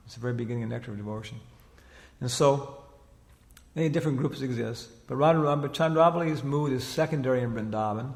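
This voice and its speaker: A man with a deeply gravelly, creaky voice gives an informal spiritual lecture. He talks in a loose, rambling way, filled with casual fillers. The sound carries a long reverberant tail, as in a lecture hall. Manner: chatty and rambling, many "you know" fillers, laughs while retelling. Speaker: spiritual teacher giving a lecture. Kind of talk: informal religious lecture, storytelling.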